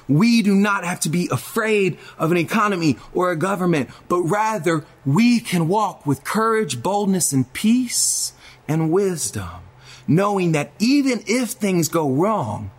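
Male pastor, sermon, higher-pitched voice, dramatic, shifts between loud and hushed. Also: expressive, a little slow, slightly rough. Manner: dramatic, swings from loud urgent passages to hushed ones. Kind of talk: preaching a sermon to an online audience.

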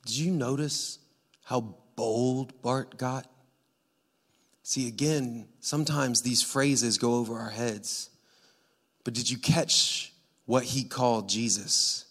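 A man preaching a sermon in church, telling the story dramatically and swinging from hushed tones to loud cries. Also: mid-range voice, fairly even intonation, slow pace, husky. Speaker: pastor.

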